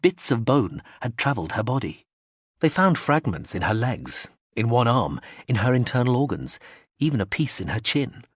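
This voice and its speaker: Male audiobook narrator, husky and dry, measured reading with animated pitch. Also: no room sound. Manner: measured reading, acts out quoted speech in raised voices. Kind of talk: scripted narration.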